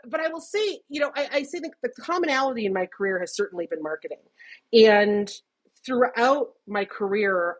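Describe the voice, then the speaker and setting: A woman in her fifties, an industry analyst, talking through her career in a casual interview, chatty and animated and laughing often mid-sentence. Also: medium pitch.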